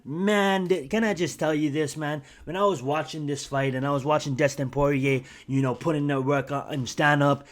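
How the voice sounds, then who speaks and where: A young man talks straight to his channel's viewers, chatting casually about a fight. He rambles and restarts, piling on fillers and getting excitable as he goes. His voice sits a little on the high side for a man. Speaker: YouTube channel host. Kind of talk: casual fight commentary vlog.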